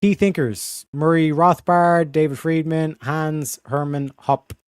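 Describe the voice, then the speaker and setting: A man's voice: a little high, fairly even intonation, slow, clear, resonant tone, dry recording, studio quality. A man on a casual livestream reading text aloud and breaking off for sarcastic, crude asides.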